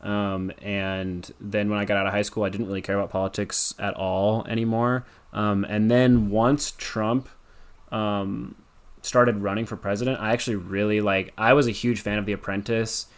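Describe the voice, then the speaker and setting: A man's voice: lowish voice, smooth. A young man from Colorado answering interview questions casually, rambling with lots of fillers. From Colorado, USA. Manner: rambling, with many fillers and likes. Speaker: podcast guest.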